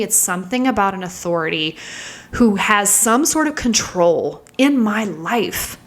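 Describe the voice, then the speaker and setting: A woman in her thirties shares a personal story in a reflective, candid vlog. She talks in a searching, thinking-out-loud way, at a middle pitch for a woman, and now and then falls into a hushed whisper. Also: lively intonation, normal speed. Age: 30s. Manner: candid, searching, trails off into soft whispers when reliving moments. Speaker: vlogger.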